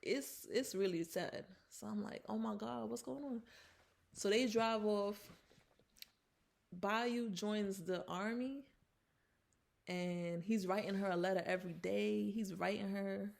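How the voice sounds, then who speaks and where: A woman's voice: medium pitch, fairly even intonation, slow, creaky. A woman retelling a film's plot in a casual vlog, chatty, with fillers and restarts, acting out the characters' lines. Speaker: film reviewer. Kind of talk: casual film recap vlog.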